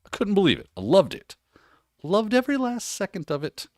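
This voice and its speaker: A man hosting a casual livestream, giving energetic, encouraging advice with frequent restarts and tag questions. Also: high-pitched, brisk, no echo, clean studio sound. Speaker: host.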